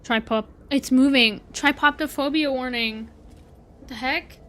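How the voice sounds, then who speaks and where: A woman's voice: sits high, a little slow, fairly bright tone. A woman from Canada with a Canadian accent, chatting casually with her viewers while streaming a game and answering their messages. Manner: chatty, talks back to chat while playing. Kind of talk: casual livestream chat.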